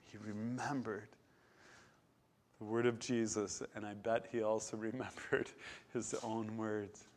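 A man preaching a sermon, retelling scripture with dramatic swings from loud declarations to hushed, quiet passages. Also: fairly low pitch, level tone, unhurried.

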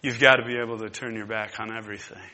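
A man preaching a sermon, impassioned and emphatic. He moves between hushed and loud. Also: on the low side, steady tone, fast talker, in a large hall. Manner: repetitive, emphatic.

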